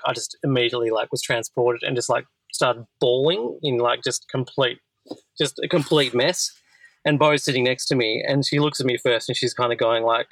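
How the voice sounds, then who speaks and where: A man's voice: mid-range voice, a bit bright, dry recording, poor audio. A man in his thirties hosting a podcast, talking in a loose, rambling way full of "like". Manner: rambling, heavy use of filler "like". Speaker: podcast host. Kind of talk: casual conversational chat.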